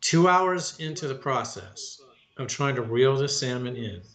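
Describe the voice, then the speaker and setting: A man's voice: medium pitch, expressive, unhurried, a bit bright. A man co-hosting a casual podcast, rambling and restarting his sentences as he chats. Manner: rambling, with many restarts and fillers. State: married. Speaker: podcast co-host. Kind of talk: casual chat.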